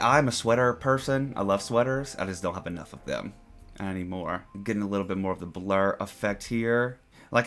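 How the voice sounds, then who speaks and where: A man's voice: fairly low pitch, a bit bright. A young man giving casual, playful commentary on photos, gushing with jokey asides. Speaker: YouTube commentary host.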